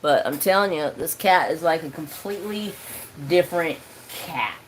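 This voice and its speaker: A man's voice: a little high, lively intonation, normal speed, a little hiss or hum, rough recording. A man hosting a casual crafting livestream from his home craft room, rambling loosely and swearing now and then.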